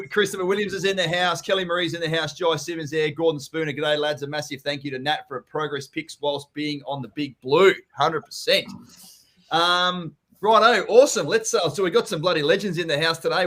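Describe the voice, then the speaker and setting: Aussie bloke running a live q&a, slightly high voice, swears a lot, easygoing. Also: male voice, fairly bright tone. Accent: Australian. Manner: laid-back, swears often, reads comments aloud. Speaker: host, chief strategist. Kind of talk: casual live Q&A chat.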